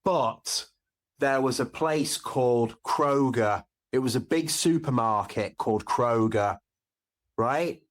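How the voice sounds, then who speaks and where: A man's voice: medium pitch, slow pace. A man chatting on a podcast, telling anecdotes animatedly and acting out the exchanges. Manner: animated storyteller, acts out exchanges. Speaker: podcast guest. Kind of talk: casual chat.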